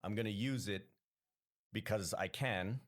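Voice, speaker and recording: Canadian comedian guy, real low voice, rambling podcast chat, lots of restarts. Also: measured pace. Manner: rambling, many restarts and "you know"s. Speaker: comedian guest. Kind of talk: casual podcast interview.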